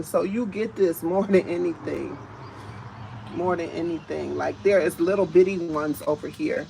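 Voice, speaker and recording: A woman with a fairly low voice walks through her garden and talks straight to her viewers on a phone. She is emotional and enthusiastic. Faint outdoor sounds sit behind her. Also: normal speed, gravelly, mellow, slight background noise. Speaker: vlogger. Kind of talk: casual garden walkthrough vlog. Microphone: phone held while walking.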